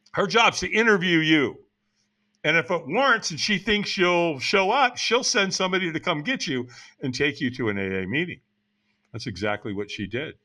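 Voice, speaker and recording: A man's voice: a little high, bright, forceful tone. A man in his sixties telling his life story as a podcast guest, frank and blunt with casual swearing. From United States. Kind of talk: candid personal storytelling.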